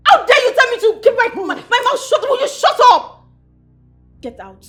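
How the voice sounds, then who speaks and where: An actress with a Nigerian accent playing an outraged young woman who shouts scornfully and tearfully at her mother, in a film scene. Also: very high-pitched, big pitch swings, normal speed, soft background music, heavily acted. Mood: furious. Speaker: daughter confronting her mother. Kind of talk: Nollywood film acting.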